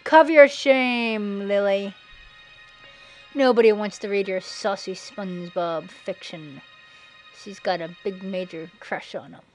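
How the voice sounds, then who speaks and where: A woman giving sarcastic, mocking commentary over a slideshow, now and then breaking into shrill put-on voices. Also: unhurried, darkish tone, low-quality recording. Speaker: video narrator. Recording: faint background music.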